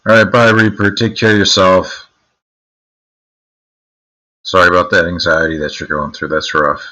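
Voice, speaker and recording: A man's voice: deep voice, level tone, normal speed, sharp tone, low-quality recording. A man streaming live, chatting casually with his viewers in a crude, joking, mocking way.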